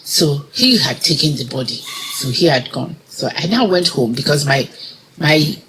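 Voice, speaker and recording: A woman's voice: low-pitched, expressive, moderate pace, noisy background. A middle-aged woman with a Nigerian accent, an interview guest telling a personal story with feeling and acting out the words of the people in it. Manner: vivid retelling that acts out others' quoted words.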